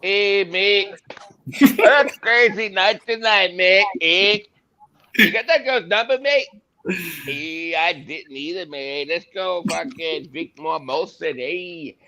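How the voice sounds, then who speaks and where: A man voicing a drunk Canadian leaving a bar at closing time, talking slowly and tacking "hey" and "mate" onto every line. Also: sits high, sharp tone, heavily acted. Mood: boozy. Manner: slow, slurred, keeps adding "hey" and "mate".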